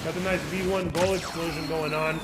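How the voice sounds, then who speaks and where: A man's voice: on the high side, flat delivery, normal speed, noisy background. A man hosting a live online tournament, calling the plays and joking with chat in a playful, hype-driven way. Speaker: tournament host and caster. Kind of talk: live esports play-by-play commentary on a stream.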